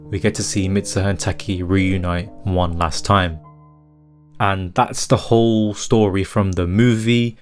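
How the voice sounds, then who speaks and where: A man narrating a scripted video essay, giving his analysis with critical opinions. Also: low voice. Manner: analytical, critiquing translation choices. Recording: faint guitar music behind.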